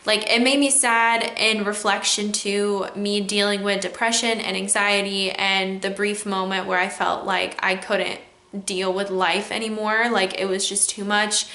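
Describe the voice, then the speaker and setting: A woman's voice: medium pitch, flat delivery, a little slow, sharp tone, reverberant. A young woman vlogging a candid personal reflection, close to tears, with many "like"s and "um"s. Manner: candid, emotional, with frequent "like" and "um". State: on the verge of tears.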